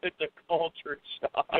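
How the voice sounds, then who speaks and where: A man's voice: sits high, distant mic. A man from California, a guitarist and guest, joking and laughing through casual interview banter. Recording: tinny phone line.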